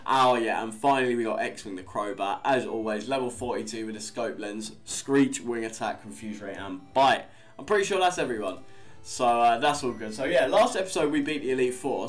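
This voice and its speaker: A young man talks through his game in a loose, rambling way, with a middle-pitched voice. He chats and swears casually as he plays. Faint guitar music runs behind him. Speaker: Let's Play host. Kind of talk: casual gameplay commentary.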